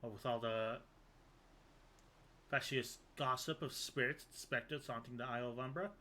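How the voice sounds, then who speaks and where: A man's voice: mid-range voice, steady tone, normal speed, sharp tone, lightly acted, low-quality recording. A man voicing a fussy, long-winded woman scholar with prim, old-fashioned wording. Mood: jumpy. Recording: game music behind.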